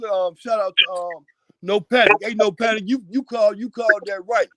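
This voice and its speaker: A man calling into a casual sports chat, rambling and repeating his shout-outs. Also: high voice, a little fast, no room sound. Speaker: caller.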